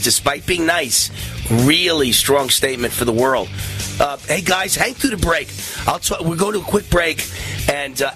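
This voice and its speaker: Bright-voiced male talk radio host. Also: fairly high pitch. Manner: energetic, rambling, repeats words.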